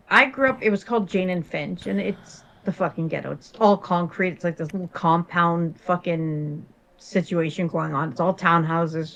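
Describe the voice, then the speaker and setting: A woman's voice: lowish voice, a bit bright, muffled recording. A woman from Toronto chatting as co-host in a live stream, talking bluntly and emphatically and swearing freely. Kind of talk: casual chat.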